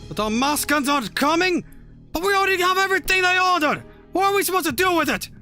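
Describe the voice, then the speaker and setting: A man voicing agitated harbor guild workers in a video game, arguing loudly and in exasperation. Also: extremely high pitch, expressive, fast talker, faint music behind, pitched above the performer's own voice, heavily acted. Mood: exasperated.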